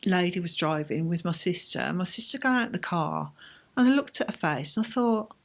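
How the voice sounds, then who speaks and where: Woman, halting emotional telling. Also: lowish voice, gravelly. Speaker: bereaved mother, interview guest. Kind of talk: personal account in an interview.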